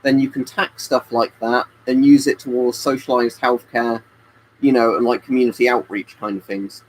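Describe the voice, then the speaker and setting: Man streaming live, mid-pitched voice, casual rambling chat, faint hiss behind. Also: little pitch movement, moderate pace, rough recording. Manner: rambling, answers chat by name. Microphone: webcam stream mic.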